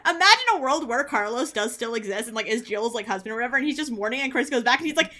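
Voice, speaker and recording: A woman streamer chatting while she plays a horror game, loud, quick to laugh and swearing freely. Her voice sits high and swoops all over, with a bright, sharp edge. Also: lively intonation. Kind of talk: casual chat while gaming.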